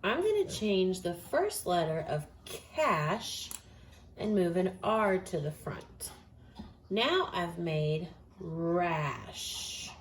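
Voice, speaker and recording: Slow, deliberate woman teaching phonics. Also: on the low side, sing-song, a little hiss or hum. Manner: slow, deliberate, sounds out words. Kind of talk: phonics lesson.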